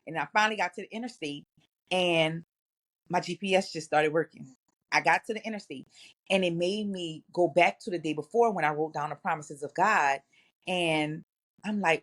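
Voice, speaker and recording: A woman in her thirties, a radio guest telling a personal faith story in an earnest, halting way. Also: lowish voice. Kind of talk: personal testimony in an interview.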